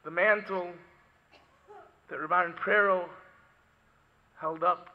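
A man delivering a sermon through a story, moving dramatically between hushed and impassioned speech. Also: high-pitched, fairly even intonation, takes it slowly. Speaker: preacher. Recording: dull lo-fi recording in a reverberant hall.

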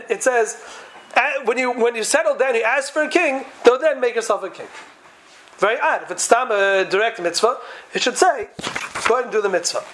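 A man's voice: very high-pitched, a bit bright, rough recording. A man giving a Talmudic lecture to a class, posing question after question in a sing-song study cadence. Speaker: Torah teacher.

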